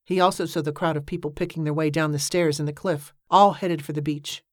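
A woman narrating an audiobook in a steady, measured storytelling voice. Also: low voice, no echo, clean studio sound.

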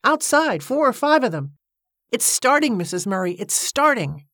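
A woman voicing a brisk, bossy woman with a sarcastic, commanding way of talking, in a storybook reading. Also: lowish voice, no echo, studio quality, close to an everyday voice. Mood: excited.

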